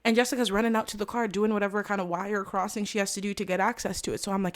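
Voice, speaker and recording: A woman hosting a let's play, narrating the gameplay as an animated, dramatic story and talking straight to viewers. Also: mid-range voice, fast talker, hardly any pauses.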